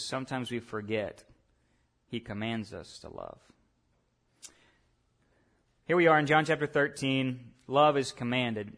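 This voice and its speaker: A male pastor with a medium-pitched voice preaches a sermon to his congregation. He asks them direct questions and shifts between quiet asides and loud, emphatic points.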